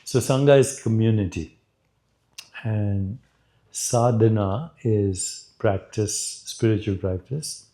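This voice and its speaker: Slow, mellow older man in a roomy venue. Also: on the low side. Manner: slow, measured, gently humorous. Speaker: guest speaker. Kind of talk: live talk before an audience. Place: in-person event room. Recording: roomy echo of a live venue.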